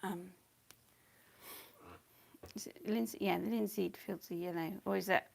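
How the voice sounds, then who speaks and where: A middle-aged woman, chatting casually and rambling while she paints, often slipping into soft whispers. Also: mid-range voice, steady tone, unhurried, gravelly. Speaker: painting channel host.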